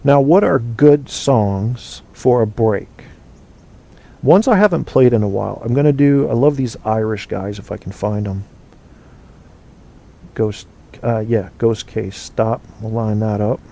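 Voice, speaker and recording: A man's voice: medium pitch, unhurried, gravelly, dark tone. A man hosting a casual call-in show, rambling and opinionated with plenty of fillers and restarts. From United States. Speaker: podcast host.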